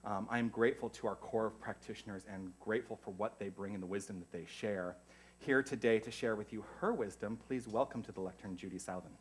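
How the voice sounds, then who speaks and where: Against a noisy background, a fast-talking American man with a lowish voice welcomes the congregation as their minister. He is effusive and chatty, wandering into rambling asides.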